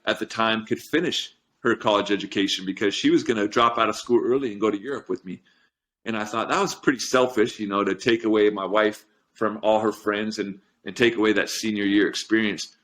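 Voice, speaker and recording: Low-voiced earnest man telling stories. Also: fairly bright tone. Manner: earnest storytelling, gets emotional. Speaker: podcast guest, strength coach. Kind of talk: casual interview chat.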